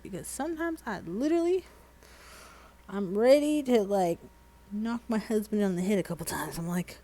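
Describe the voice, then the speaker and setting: A woman's voice: mid-range voice, measured pace, poor audio. Chatty woman streamer rambling casually. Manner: chatty, rambling, animated storytelling. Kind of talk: casual chat while doing nails.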